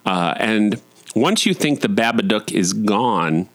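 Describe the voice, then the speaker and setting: A man's voice: fairly low pitch, lively intonation, slow pace, dry recording. A man hosting a podcast, talking candidly in a personal monologue, self-deprecating and loose, with frequent fillers and restarts. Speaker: podcast host.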